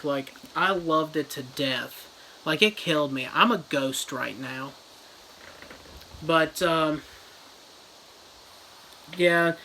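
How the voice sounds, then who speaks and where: A reviewer retelling a novel as a crude, rambling comedy summary with deadpan jokes. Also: mid-range voice, a little hiss or hum, poor audio. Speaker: book reviewer.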